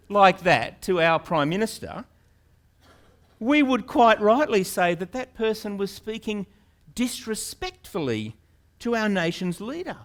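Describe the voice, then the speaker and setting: A male pastor preaching a sermon in an earnest manner, repeating words and rising into loud, pleading questions. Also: high-pitched.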